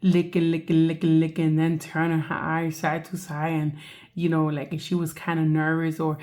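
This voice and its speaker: Very deep-voiced woman with a sore voice. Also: monotone, moderate pace. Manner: mocking, laughing, talking softly. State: sore, strained voice. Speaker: reaction video host. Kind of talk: reaction commentary.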